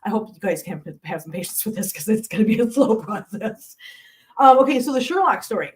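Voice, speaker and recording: A woman's voice: a little high, animated, a little fast, a little mellow, recorded from a distance. A woman hosting a live stream, chatting casually and telling rambling stories, cooing sweetly to her cats now and then. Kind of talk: casual chat to viewers. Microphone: laptop mic.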